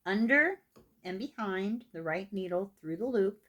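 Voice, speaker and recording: An older Irish woman teaching knitting at an unhurried, deliberate pace, her voice rising and falling in a lively, sing-song way. She talks the viewer through each step patiently, with a gentle, self-deprecating warmth. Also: medium pitch. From Ireland. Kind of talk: step-by-step craft tutorial.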